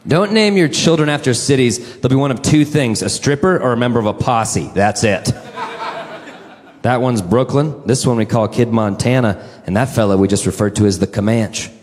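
A male stand-up comedian telling stories to an audience, dry setups with sudden shouted bits. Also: mid-range voice, moderate pace, big-room sound. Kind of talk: stand-up routine.

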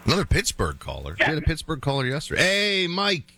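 A man hosting a talk radio show, taking calls in a relaxed, conversational way. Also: on the high side, brisk. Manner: relaxed, conversational, a few filler restarts.

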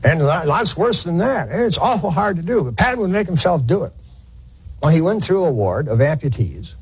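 A man's voice: on the high side, big pitch swings, fairly quick, slightly rough, low-quality recording. A man telling a war story in a folksy, conversational lecture, with fillers and restarts. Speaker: historian lecturer.

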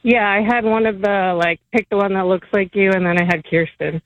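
A woman in her forties calling in to a radio show, chatting in a relaxed, slightly hesitant way. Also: mid-range voice, fairly quick, dry recording, dull audio. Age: 40s. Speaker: caller. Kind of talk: phone-in chat.

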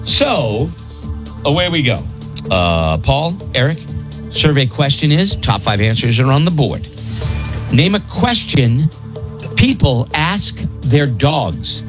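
Lively male game-show host, teasing and laughing, music in the background. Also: medium pitch. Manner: playful, laughs easily, drawn-out mock announcer tone. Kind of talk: hosting a casual family-feud style game.

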